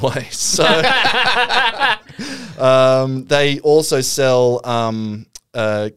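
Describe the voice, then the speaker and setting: A man's voice: mid-range voice, a bit bright, smooth, dry recording, studio quality. A man, co-hosting a casual comedy chat, retelling a story animatedly and laughing often. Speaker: podcast co-host.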